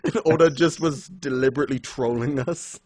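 Man, casual co-host chat, animated and laughing, dry close sound. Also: mid-range voice, brisk, no room sound. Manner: animated, laughs often, acts out quotes. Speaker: podcast co-host. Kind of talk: casual fan discussion.

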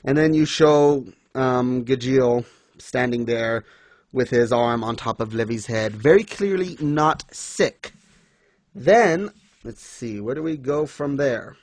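A man's voice: medium pitch, slow pace, darkish tone, no echo. A young man in casual chat, ranting in exasperation about a comic and mocking scenes in put-on voices. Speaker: podcast co-host reviewing manga.

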